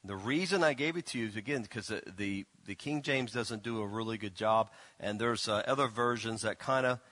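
A man's voice: on the low side, fairly bright tone, no echo. A man preaching a casual sermon, folksy and teasing, often restarting and stumbling over his words. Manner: folksy, teasing, halting with many restarts and fillers. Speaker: pastor. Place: church.

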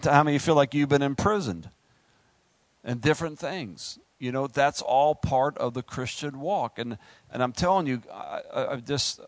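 The recording is dry. A preacher keeps his sermon conversational and jokey, acts out rapid asides, and works himself up into excited preaching at a high pitch.

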